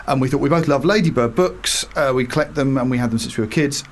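A man who writes comedy, a guest on a casual podcast, telling a story quickly and eagerly. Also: mid-range voice, a little hiss or hum.

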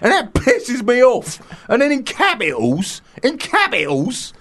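A man voicing a furious Cockney geezer who rants about small grievances with loud, laughing outbursts on a radio show. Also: very high-pitched, huge pitch swings, unhurried, pitched above the performer's own voice, heavily acted. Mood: ranting. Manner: ranting, loud bursts, laughs through it. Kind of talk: comic character bit on radio.

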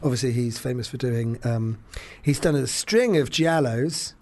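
A man's voice: mid-range voice, normal speed, a little mellow. A man co-hosting a podcast in casual chat, rambling with many fillers and restarts. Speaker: podcast co-host.

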